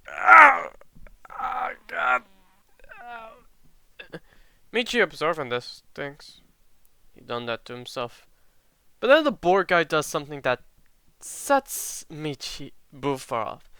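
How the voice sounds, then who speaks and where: A man's voice: a little high, sharp tone, clean tone, no echo. A young man casually telling a made-up fan story, jokey and swearing now and then.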